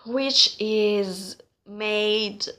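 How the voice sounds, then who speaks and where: A woman's voice: medium pitch, drawn-out words, bright, forceful tone. A woman vlogging her opinions casually, hesitant and full of fillers as she searches for words, sounding frustrated and critical.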